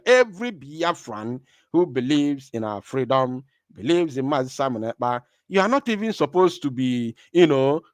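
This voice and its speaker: A man's voice: fairly high pitch, dry recording. A man hosting a live stream, speaking in an emphatic, rallying way and often repeating himself.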